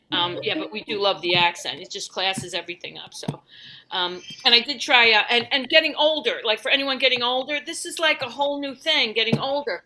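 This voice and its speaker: A woman's voice: a little high, brisk, sharp tone. A middle-aged woman performing a stand-up comedy set, wry and self-deprecating, slipping into quoted voices.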